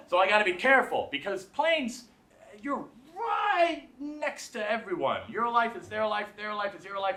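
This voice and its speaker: Animated man hosting a live comedy show. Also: high voice. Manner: self-deprecating, animated, acts out voices. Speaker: late-night show host. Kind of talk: stand-up monologue. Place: live theater with audience. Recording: echoey live theater.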